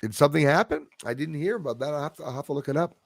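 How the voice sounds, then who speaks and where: Gravelly man rambling on a live stream. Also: fairly high pitch, racing, no echo, clean studio sound. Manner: rambling, hesitant, many fillers and restarts. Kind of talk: casual live stream chat.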